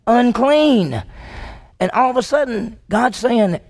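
A pastor delivers a sermon in a gravelly, mid-pitched voice. The telling is vivid and dramatized, with frequent questions put straight to the congregation. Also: animated, slow pace, darkish tone. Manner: storytelling, acting out the dialogue; emphatic, asks the congregation questions.

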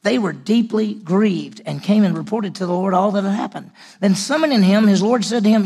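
A man preaching a sermon in a high, gravelly voice with a husky edge. He leans hard on some lines and drops others to a hushed near-whisper. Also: a little fast, hardly any pauses. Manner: dramatic swings from loud emphasis to hushed near-whisper. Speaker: pastor.

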